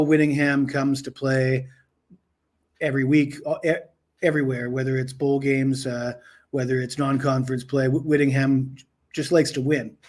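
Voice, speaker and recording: A man breaking down a college football betting pick in a methodical, steady way on a sports betting podcast. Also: mid-range voice.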